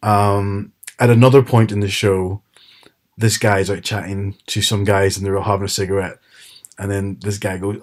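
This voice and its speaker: A man's voice: lowish voice, level tone, normal speed. A man chatting casually as a podcast co-host, retelling TV scenes with quoted lines. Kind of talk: casual chat.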